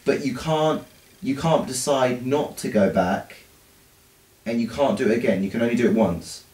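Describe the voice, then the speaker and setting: Young male co-host, chatty and halting, recorded far off in a roomy space. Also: medium pitch, darkish tone. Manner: hesitant storyteller, many fillers. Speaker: podcast co-host. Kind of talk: casual chat. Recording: roomy, distant mic.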